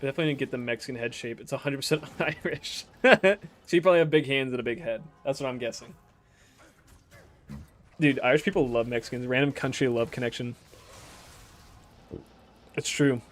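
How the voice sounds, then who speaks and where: A young man from the States chats loosely while streaming, reading messages aloud and riffing on them. His voice sits at an ordinary middle pitch, and he laughs often and swears without a second thought. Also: fairly quick, pauses often. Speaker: game streamer. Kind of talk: casual chat while reading viewer messages.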